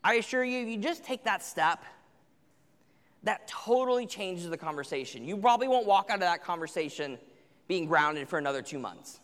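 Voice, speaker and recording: His voice sits high and a little bright, expressive and at a normal speed. The young man addresses teenagers in a chatty sermon, performing the lines of parents and their kids, all in a room with long hall reverb.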